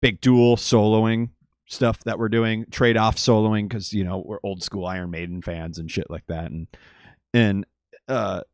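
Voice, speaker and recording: A man's voice: lowish voice, little pitch movement, measured pace, dry recording, clean studio sound. A man who plays in a band, a guest in a casual podcast chat, talking in a laid-back way with many hesitant fillers. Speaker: guest musician.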